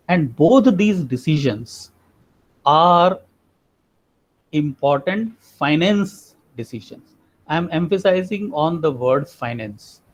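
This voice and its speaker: A man's voice: fairly high pitch, a little mellow. A man giving a finance lecture, explaining step by step, repeating key terms with frequent fillers. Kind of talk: recorded lecture. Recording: muffled lo-fi recording.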